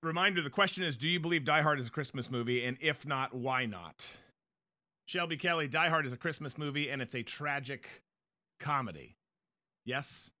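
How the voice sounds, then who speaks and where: A man's voice: a little high, animated, normal speed, bright, forceful tone. A man hosting a live online talk show, chatting casually, joking, reading out viewer comments and ad reads. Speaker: host of a live political show.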